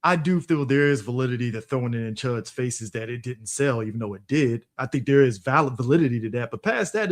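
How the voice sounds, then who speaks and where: A man co-hosting a casual gaming podcast in a relaxed, conversational way, with frequent fillers. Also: medium pitch, fairly quick, hardly any pauses. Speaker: podcast co-host. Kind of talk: casual chat.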